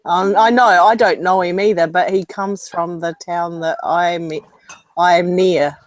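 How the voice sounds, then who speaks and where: A man's voice: high voice, steady tone, measured pace, no echo. A man with an Australian accent from South Australia, chatting in a laid-back, hesitant way in a group voice chat.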